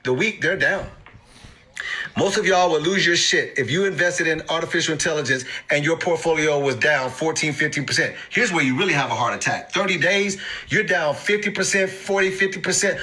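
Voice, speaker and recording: Bright-voiced, emphatic man explaining crypto. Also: lively intonation, fairly quick, low-quality recording. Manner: emphatic, street-casual, mimics panicked investors in high bursts. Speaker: crypto investing host. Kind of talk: animated instructional talk to camera.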